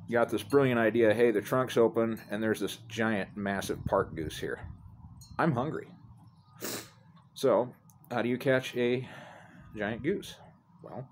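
Here a middle-aged man talks into the phone he's holding, outdoors by some apartments, spinning a meandering, foul-mouthed, self-mocking tale for the camera. The voice sits low with a darkish tone, and a faint hiss or hum is audible.

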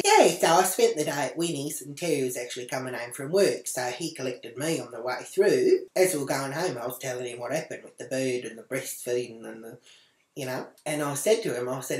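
A woman's voice: a bass voice, a little mellow, reverberant. An Australian woman ranting crudely to camera as a vlogger, swearing freely as she tells her story. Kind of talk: foul-mouthed comic rant to camera. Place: small indoor room at home.

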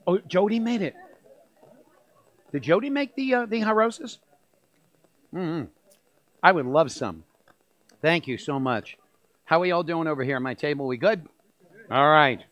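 A man leading a Passover meal as a rabbi, teaching and chatting lively with the tables. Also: fairly high pitch, unhurried, long pauses, muffled recording. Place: church fellowship hall.

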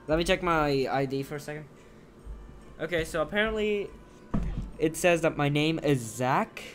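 A man's voice: a little high, moderate pace, long pauses, fairly bright tone, faint music behind. A man giving casual gameplay commentary as a let's player, joking and reading game text aloud.

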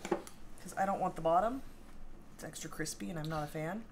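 A woman's voice: fairly low pitch, moderate pace, noisy background. A woman co-hosting a home baking livestream, reading viewer comments aloud and laughing often as she chats. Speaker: cooking show co-host. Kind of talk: casual livestream chat.

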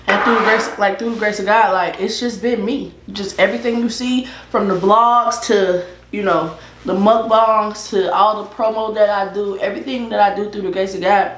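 A woman's voice: medium pitch, steady tone, moderate pace, echoey room. A woman hosting an eating show, chatting casually and loosely as she eats, often repeating herself. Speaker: mukbang vlogger, host. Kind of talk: casual chat while eating. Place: indoors at her eating setup.

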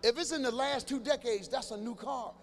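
Loud high-voiced man doing stand-up. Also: creaky. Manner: loud, animated, rapid teasing with sudden shouted bursts. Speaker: stand-up comedian. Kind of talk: stand-up riffing with an audience member. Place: large church hall before a live audience. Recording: reverberant hall with faint ambient noise.

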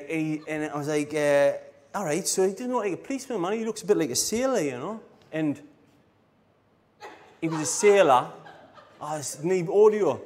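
A middle-aged man, telling rambling anecdotes in a casual conference talk and often laughing. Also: fairly high pitch. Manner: rambling, laughs often, fillers like "you know what I mean". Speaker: speaker at a design conference. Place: live talk on a stage.

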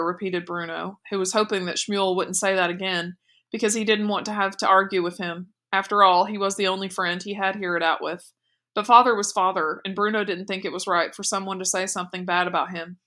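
A woman teacher reading a novel aloud with clear, steady storytelling. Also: on the low side, brisk.

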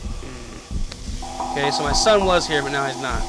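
A man's voice: on the high side, slow, long pauses, rough recording. A man giving casual gameplay commentary as a let's-play host, goofy and joking, talking to the characters on screen and making his own sound effects. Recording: game music playing under the voice.

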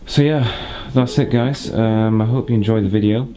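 A man's voice: on the low side, normal speed, background noise. A young man chatting casually to camera as a motorcycle vlogger, rambling and laid-back. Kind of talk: casual vlog chat to camera.

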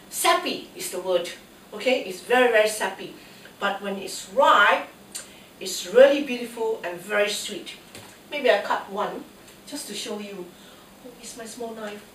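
A woman with a cold hosting a casual cooking demonstration alone in her home kitchen, chatting to herself as she works. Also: mid-range voice. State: has a cold. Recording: echoey kitchen, mic at a distance, faint noise.

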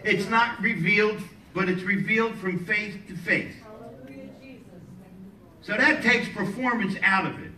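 A male pastor preaching a sermon in a church, lively and joking with the congregation between points. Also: sits high, measured pace, pauses often. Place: church sanctuary. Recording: echoey hall, mic at a distance, faint ambience.

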